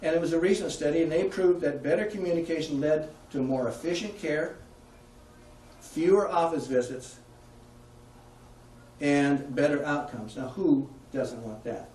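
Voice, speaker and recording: A man's voice: a little high, moderate pace, darkish tone, distant mic, slight background noise. A man giving a conversational public talk, putting questions to his audience. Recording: echoey room, heard from afar.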